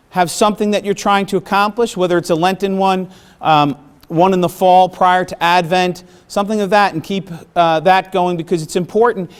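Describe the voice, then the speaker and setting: A middle-aged man gives a workshop presentation in a fairly high voice. He talks conversationally to a room of listeners and keeps checking that they follow. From the Bronx, New York. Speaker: presenter on parish planning.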